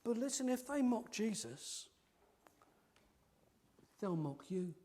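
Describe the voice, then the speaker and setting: A man preaching a sermon in a church, animated and lively, acting out the mockers' voices. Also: high voice, takes it slowly.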